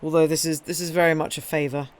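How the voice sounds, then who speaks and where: Woman host, slightly croaky, casual chatty stream talk. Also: low voice, little pitch movement, fast talker. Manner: chatty and rambling, reads viewer comments aloud. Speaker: host of a story-reading stream. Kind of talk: casual chat with viewers.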